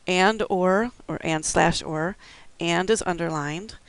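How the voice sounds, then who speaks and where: A man's voice: high voice, slow, a bit bright, smooth, no echo, poor audio. A man giving a recorded instructional lecture, explaining things step by step with occasional fillers. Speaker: braille instructor.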